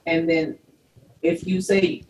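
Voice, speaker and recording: A slightly high-voiced man talks through a casual interview, explaining at length and often restarting his sentences. He sits well back from the mic in a roomy, echoing space. There is a faint hiss behind him. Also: little pitch movement, slow pace, a little mellow, recorded from a distance. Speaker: guest from a film company.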